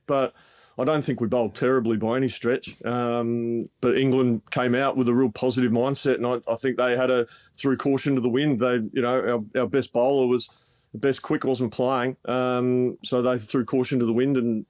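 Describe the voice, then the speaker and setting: A man co-hosting a podcast, a former fast bowler thinking through an old match in a measured, hesitant way. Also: mid-range voice, steady tone, darkish tone. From Australia. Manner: measured and reflective, with hesitant restarts. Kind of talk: casual podcast chat.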